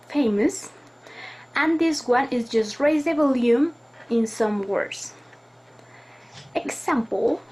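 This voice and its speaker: Female student presenter, fairly high voice, very slow and careful delivery, faint noise behind. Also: rough recording. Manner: careful, explanatory reading. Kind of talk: recorded class presentation.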